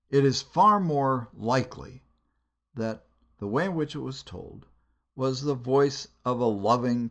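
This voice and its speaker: A man giving a teaching lecture on biblical storytelling, measured and deliberate, pausing with hesitations between phrases. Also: mid-range voice. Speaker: Bible lecturer.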